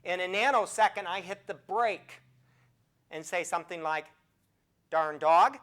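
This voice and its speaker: A woman in her sixties, a nursing professor, giving a health talk to an audience as an animated storyteller who asks her listeners direct questions. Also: on the low side, moderate pace.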